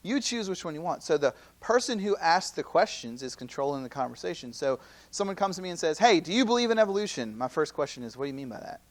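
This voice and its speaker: A campus minister in his thirties giving a conversational teaching talk at a youth seminar, full of rhetorical questions and quick acted-out quotes. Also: fairly high pitch. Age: 30s. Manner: acts out quoted speakers in lively asides.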